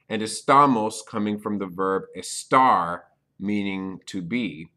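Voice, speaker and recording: A man's voice: lowish voice, unhurried, bright, forceful tone. A man teaching a beginner's language lesson on video, explaining step by step and checking in often with "okay?". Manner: repeats key points for beginners. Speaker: Spanish teacher.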